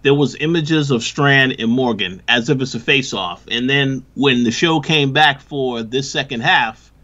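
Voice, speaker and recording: Bright-voiced man on lo-fi audio. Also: mid-range voice, measured pace. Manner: analytical, critical, builds a point step by step. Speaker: podcast co-host. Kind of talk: casual review chat.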